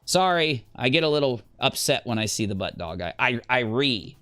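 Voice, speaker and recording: Animated, bright-voiced male streamer. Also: normal speed, dry recording, soft background music. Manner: animated, rambling, breaks into high squeals. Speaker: livestream host. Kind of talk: casual livestream rant.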